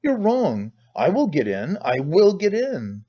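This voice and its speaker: A man's voice: wildly swooping pitch, slow pace, dark tone, slightly rough, full character voice. A man reading an audiobook voices a hysterical, frantic widow who shrieks accusations. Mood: frenzied. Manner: shrill, frenzied, accusing. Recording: dull lo-fi recording.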